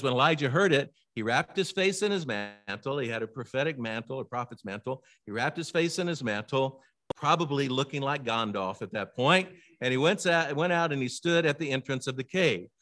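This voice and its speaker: A man preaching a sermon in a conversational, animated way, sometimes dropping to a near hush and asking listeners direct questions. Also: mid-range voice, moderate pace, no echo. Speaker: pastor.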